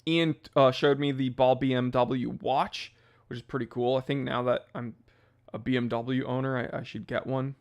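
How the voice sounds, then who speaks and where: An American man hosting a casual livestream about watches, reading chat aloud and riffing, with a chatty and animated manner. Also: mid-range voice, moderate pace, highs cut off. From United States. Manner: chatty and animated, jumps into goofy impressions of people. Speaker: watch channel host reading live chat.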